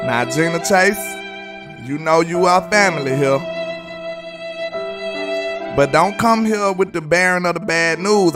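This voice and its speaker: A man's voice: fairly high pitch, a little slow, long pauses, recorded from a distance, music in the background. A man with a Southern US accent hosting live sports commentary, arguing emphatically and repeating his points. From Alabama, US. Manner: argumentative and emphatic, repeats phrases. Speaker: sports channel host.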